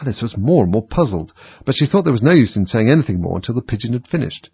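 A man narrating a storybook in a measured, lively way. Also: mid-range voice, husky, dry recording. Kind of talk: storybook reading. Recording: dull, dry lo-fi recording.

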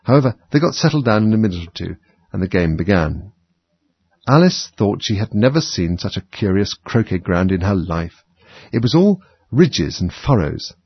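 A low-voiced man reading a storybook aloud, with a gravelly, husky grain and a lively, swooping delivery. The sound is dry and close, on a dull, lo-fi recording. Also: moderate pace, no room sound. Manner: animated, dramatic reading. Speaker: narrator.

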